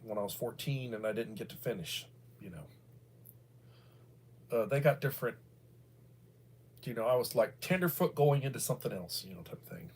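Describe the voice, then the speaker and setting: Rambling casually as a livestream host, a middle-aged American man speaks at normal speed with lively intonation, long pauses, and many fillers and restarts. His medium-pitched voice is husky, its quality described as bald.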